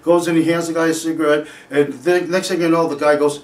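A man's voice: on the high side, fast, far from the mic. A man being interviewed, telling a casual anecdote in a rambling, profane way, breaking off and restarting his sentences. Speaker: interview guest. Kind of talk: casual storytelling. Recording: echoey room, voice from away from the mic.

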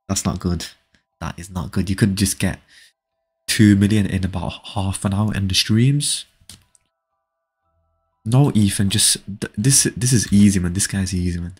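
With a low, slightly rough voice, a young adult man streams a game and chats with his audience. He excitably pleads with a friend to fight, laughing and talking to chat. Faint background music is audible.

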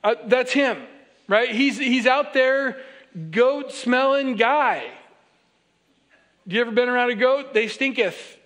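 High-voiced man preaching a lively sermon. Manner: animated and joking, reads scripture aloud and acts out characters in quick asides. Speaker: pastor. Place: church sanctuary.

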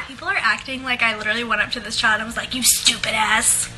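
A woman's voice: on the high side, very noisy. A young woman chatting casually to her viewers on a livestream from her apartment, laughing often and filling her talk with likes and ums. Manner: giggly, laughs often, filler-heavy chatter. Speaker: online seller hosting a livestream. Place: home apartment.

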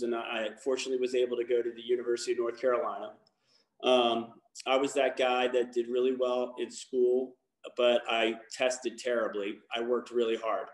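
A man from Baltimore, a lacrosse coach appearing as a guest speaker, gives a candid personal testimony in a medium-pitched voice. He rambles, with many fillers and restarts, and the sound is reverberant.

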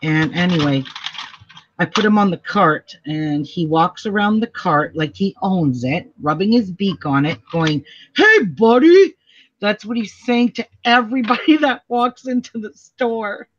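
Woman, middle-aged, crafting tutorial host, chatty and laughing, unhurried speech, dull lo-fi sound. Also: fairly low pitch. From Canada. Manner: chatty, laughs often while telling stories. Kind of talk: casual craft tutorial chat. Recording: dull lo-fi recording with faint noise.

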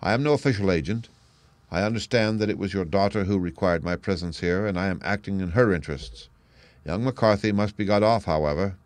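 A calm, keen detective who speaks in a measured, assured way, as a male reader gives him voice. The voice is fairly low and recorded close and dry. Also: no room sound, close to an everyday voice. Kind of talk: audiobook reading.

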